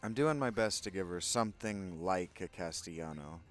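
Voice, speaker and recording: A man casually talks through his game in a low voice that swings up and down. He speaks slowly and reflectively. Faint game music plays behind him. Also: expressive. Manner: chatty, self-reflective. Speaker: game streamer. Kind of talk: casual commentary on gameplay.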